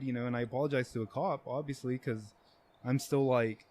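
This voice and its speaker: A man's voice: mid-range voice, fairly even intonation, moderate pace, darkish tone. A young man telling casual stories on a podcast, rambling with lots of fillers and swearing. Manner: rambling, profane, many fillers. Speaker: podcast guest. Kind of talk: casual storytelling.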